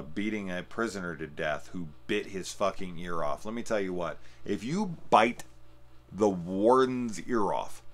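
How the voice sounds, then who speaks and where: A man giving a casual, rambling film review, swearing often and getting excited as he talks. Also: low voice. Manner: profane, excitable, rambling with fillers. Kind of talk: casual spoiler discussion.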